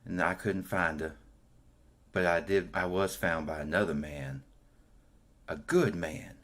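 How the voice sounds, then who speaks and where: A grim woman, set on revenge, recounts her search for her mother in a low, slow, brooding voice, as a man puts her on. She tells her tale in the first person during a tabletop game. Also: fairly bright tone. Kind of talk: in-character monologue in a tabletop game.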